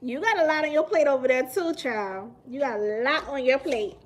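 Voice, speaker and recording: High-voiced animated woman. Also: normal speed, a little hiss or hum. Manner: animated, emphatic, laughs often, repeats for emphasis. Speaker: mukbang livestream host. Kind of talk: casual live-stream chat with viewers.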